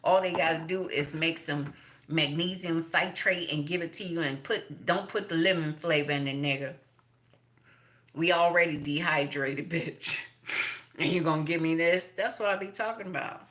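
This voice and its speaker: A woman's voice: low voice, moderate pace, fairly bright tone. A middle-aged woman, talking in a blunt, profane, rambling monologue with laughing asides. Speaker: tarot reader.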